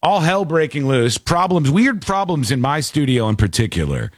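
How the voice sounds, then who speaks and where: American guy hosting a chatty show, super animated voice, dry studio sound. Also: a little high, normal speed, no room sound. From United States. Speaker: podcast host. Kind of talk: casual talk show chat. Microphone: studio mic.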